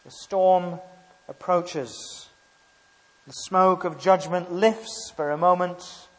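High-voiced preacher in a reverberant hall. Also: male voice, steady tone, slow, a bit bright. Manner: emphatic, rhetorical tag questions, frequent hesitations. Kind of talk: sermon.

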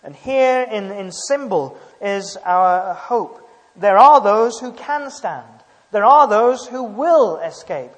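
A man preaching a sermon, emphatic and halting, often asking rhetorical tag questions. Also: high-pitched, lively intonation, in a large hall.

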